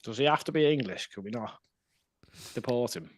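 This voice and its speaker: A man co-hosting a casual chat, animated and jokey, laughing often. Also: mid-range voice, brisk. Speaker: podcast co-host.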